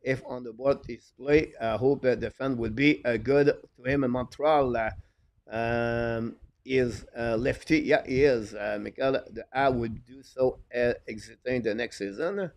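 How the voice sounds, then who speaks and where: A man's voice: mid-range voice, steady tone. A man hosting a live hockey stream, reading viewer comments in broken English with constant "uh" fillers. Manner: halting, full of "uh" fillers; broken, non-native English phrasing. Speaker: live show host.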